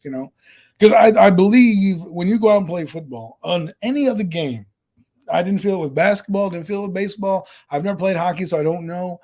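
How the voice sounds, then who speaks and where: Man, raspy voice, loud and intense, casual sports chat, slightly raised pitch. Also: quick pace. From New Jersey. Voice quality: deep, raspy voice. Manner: loud and intense, animated storytelling.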